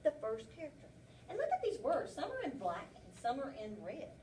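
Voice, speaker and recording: A woman's voice: sits high, wildly swooping pitch, a little fast, dark tone, slight background noise. A woman kindergarten teacher leading an interactive read-aloud, prompting children with frequent questions, recorded by a far camera in a classroom.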